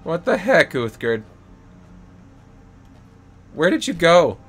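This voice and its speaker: Brief: male game streamer, lively pitch, joking and exasperated, faint music behind. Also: slow. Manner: animated, exasperated, jokey. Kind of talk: live game commentary.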